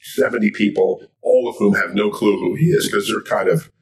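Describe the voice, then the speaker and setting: An older man from Miami, a guest telling a story with lively animation. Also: on the low side, moderate pace, recorded from a distance. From Miami, Florida. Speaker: guest, sports interviewer. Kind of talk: storytelling in a chat.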